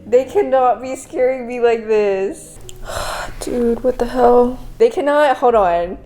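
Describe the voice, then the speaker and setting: Slow, emotional woman in a roomy space. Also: fairly high pitch, warm tone, faint music behind. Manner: emotional, exclaiming, laughs often; casual slang. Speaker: book vlogger. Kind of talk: reading reaction vlog. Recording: roomy echo.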